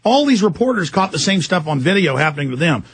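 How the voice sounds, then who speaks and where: A man's voice: fairly high pitch, very animated, quick pace, breathy edge. A man hosting talk radio, delivering an insistent, escalating monologue. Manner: fervent, insistent, escalating into shouting. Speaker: radio talk show host.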